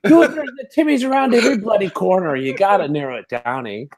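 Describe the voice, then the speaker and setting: A man's voice: high-pitched, expressive, fast talker, a crowd in the background. A man voicing an exaggerated stereotypical Canadian guy who is huffy and mock-offended. He tags his lines with "eh" and "hoser" in a comedic banter bit. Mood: mock indignant. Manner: drops "eh" and "hoser" into every line, mock-offended.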